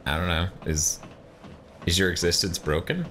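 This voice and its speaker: Bright-voiced man reading stream chat. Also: sits low, steady tone, normal speed, a little hiss or hum. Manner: reads viewer messages aloud, joking asides. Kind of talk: casual gaming stream chat.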